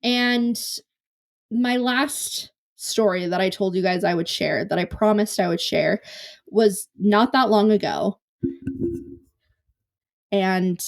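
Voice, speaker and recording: Young woman, solo podcast host, rambling self-mocking storyteller, close mic, voice slightly worn. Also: medium pitch. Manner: chatty, self-deprecating, rambling with restarts. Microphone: close podcast mic on camera.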